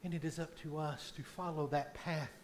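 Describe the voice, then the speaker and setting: A man preaching a sermon as pastor in a church, slow and deliberate, swelling loud on key points. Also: fairly high pitch, fairly even intonation, a little hiss or hum. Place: church sanctuary.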